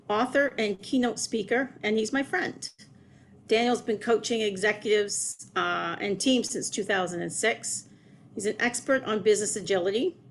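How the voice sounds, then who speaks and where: A woman of middle pitch introduces the evening's speaker over an online call. She sounds friendly and a bit flustered, and faint noise sits under her voice. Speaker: meetup host introducing the speaker. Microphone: online call audio.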